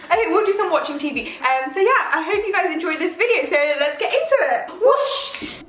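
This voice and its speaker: A young woman hosting her own vlog in casual chat at home, excitable and giggly. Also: very high-pitched, quick pace. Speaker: vlog host. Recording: echoey room.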